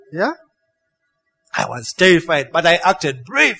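A man with a high voice preaching a sermon. His delivery is animated and full of stories, and he keeps asking the congregation "huh?" and "yeah?" to draw them in. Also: normal speed, gravelly, pauses often. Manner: storytelling with laughs and playful acted quotes. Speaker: pastor. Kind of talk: sermon with a personal story.

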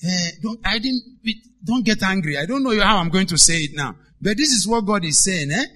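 A frightened young servant boy stumbles over his words and begs not to be blamed, as a man preaching plays him. The voice sits fairly high with a bright, sharp edge. He pleads quietly and apologetically. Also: lively intonation, fairly quick, exaggerated voice. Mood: nervous pleading. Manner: hesitant, pleading, stammering.

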